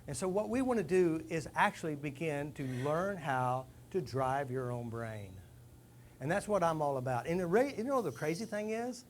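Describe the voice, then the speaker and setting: A man giving a lively live talk to a rehab group, asking the room questions and acting out stories. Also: on the high side, moderate pace, a little hiss or hum. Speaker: speaker addressing a rehab group. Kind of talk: live motivational talk to an audience.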